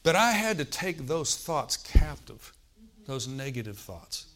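A man with a somewhat high, sing-song voice and a fairly bright tone speaks a little slowly as he preaches a sermon. He shares a personal testimony conversationally, often checking in with the congregation by asking "Okay?"

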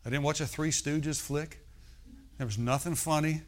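A man's voice: a little high, steady tone, normal speed. A middle-aged man preaching a sermon in a conversational way, often checking in with "okay?" and "amen". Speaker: pastor.

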